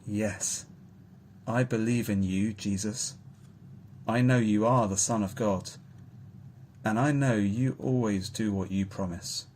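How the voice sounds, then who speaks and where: A man's voice: lowish voice, steady tone, takes it slowly, long pauses, darkish tone, slight background noise. A man voicing a grieving, faithful woman in a children's storybook, speaking in a breathless, earnest plea.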